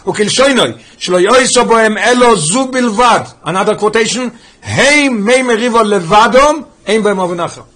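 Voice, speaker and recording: A man teaches a study class at a rapid clip, rattling through passages of text and stopping to explain them. His voice sits high for a man and has a husky, slightly rough edge. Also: lively intonation, a bit bright. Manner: rapid reading of Hebrew text, explaining in English. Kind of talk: teaching a text study class, mixing English and Hebrew reading.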